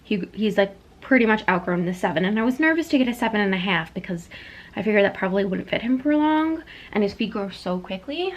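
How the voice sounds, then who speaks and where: A woman's voice: mid-range voice, lively intonation, fast talker. A young pregnant woman chatting casually in a home vlog, rambling with lots of fillers and slightly out of breath. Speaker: vlogger and mother.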